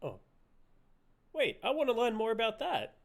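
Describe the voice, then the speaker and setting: Man, game streamer, joking, lively pitch, silly commentary. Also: moderate pace, gravelly. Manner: joking, giggly, silly asides.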